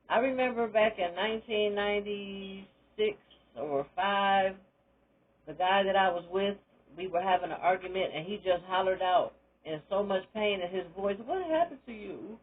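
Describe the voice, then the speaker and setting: A woman's voice: fairly low pitch, slightly rough, narrow, tinny audio. An older woman, a retired teacher, telling her own story in a candid, emphatic monologue that encourages listeners. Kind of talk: personal testimony monologue.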